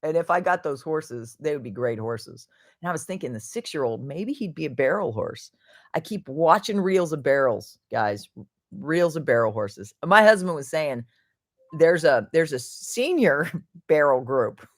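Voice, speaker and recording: A woman's voice: sits low, animated, normal speed, dry recording, studio quality. A woman hosting a casual livestream, chatting in a rambling way and answering viewer comments. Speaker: livestream host.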